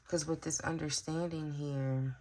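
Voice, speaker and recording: A woman's voice: deep voice, steady tone, measured pace, darkish tone, slight background noise. A woman giving a casual tarot reading, musing aloud with frequent fillers and sighs. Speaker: tarot reader.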